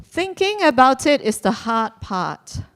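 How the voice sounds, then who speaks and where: Woman quiz host, playful and high. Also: very animated, measured pace. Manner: playful, laughing, repeats instructions. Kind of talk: hosting a live quiz. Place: hall at a community celebration.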